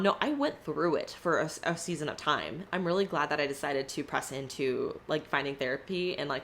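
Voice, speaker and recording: A young woman, talking earnestly and warmly to camera in a personal vlog. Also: fairly low pitch. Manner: earnest, heartfelt, upbeat. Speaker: vlogger.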